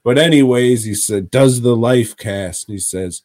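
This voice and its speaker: Slow-talking crude male podcaster. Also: medium pitch, a little mellow, no room sound. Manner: crude, rambling recaps with laughs. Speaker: podcast co-host. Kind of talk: casual podcast chat.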